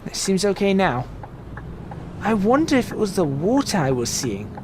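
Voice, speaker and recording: A man's voice: sits high, big pitch swings, moderate pace, noisy background. A young man chatting casually as he plays and narrates a driving game, rambling and correcting himself often, with game sounds behind him. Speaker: gaming channel host. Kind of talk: casual gameplay commentary.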